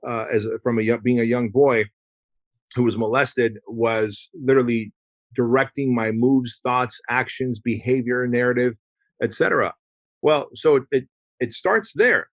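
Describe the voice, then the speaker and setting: A man of ordinary pitch talking as a podcast guest, emphatic and loose, slipping into acted-out dialogue. The sound is close and dry, with no room around it. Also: a little slow, no room sound. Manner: emphatic, acts out quoted dialogue, casual swearing. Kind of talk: casual conversational interview.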